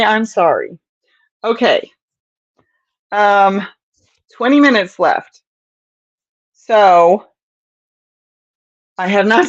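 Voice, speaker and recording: A woman's voice: mid-range voice, no room sound, muffled recording. An older woman hosting a crochet livestream, chatting in a rambling, casual way to viewers and often chuckling. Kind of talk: casual chat while crocheting.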